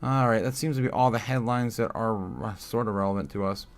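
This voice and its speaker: A man's voice: fairly low pitch, a little fast. A man hosting a casual crypto livestream, reading headlines and viewer chat with lots of filler sounds and frequent laughter.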